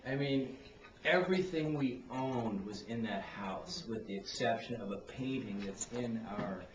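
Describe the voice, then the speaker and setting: A middle-aged man giving a heartfelt, rambling personal toast at a family gathering, halting often and restarting his sentences. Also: mid-range voice, a little hiss or hum. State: tearful near the end. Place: indoor party room with guests. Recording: roomy, distant camera with crowd chatter.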